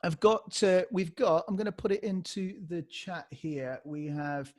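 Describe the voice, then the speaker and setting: Man, slightly high voice, upbeat beatbox teacher on a video call demoing scratch sounds. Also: measured pace. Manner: energetic, demonstrates vocal scratch sounds. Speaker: beatbox workshop leader. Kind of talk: live online workshop teaching.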